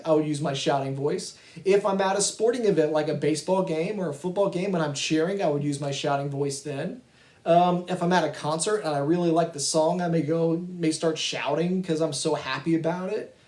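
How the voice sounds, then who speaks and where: With a darkish tone in a voice on the high side, a man teaches music to kindergarteners over video, addressing them and their families patiently and encouragingly. The recording has an echoey room sound.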